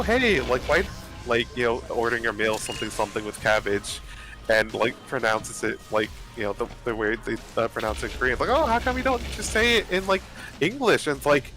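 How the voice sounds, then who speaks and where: A man's voice: on the low side, vocal fry, bright, forceful tone. A man chatting casually with friends while gaming, rambling with lots of fillers and restarts, over a voice chat headset.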